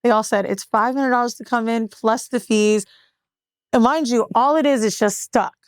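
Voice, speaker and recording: Brief: high-ish woman co-host, dramatic storyteller, crude and fast, dry close sound. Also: no room sound. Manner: profane, dramatic retelling with voiced quotes. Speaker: podcast co-host. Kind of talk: casual chat, animated storytelling.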